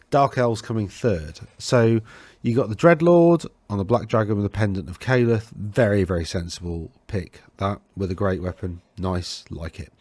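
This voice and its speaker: A man's voice: fairly low pitch, darkish tone, dry recording. A man hosting a tabletop wargame talk, rambling and correcting himself as he browses lists, with a tickly throat. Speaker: host of a tabletop wargame podcast. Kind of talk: casual talk over game lists.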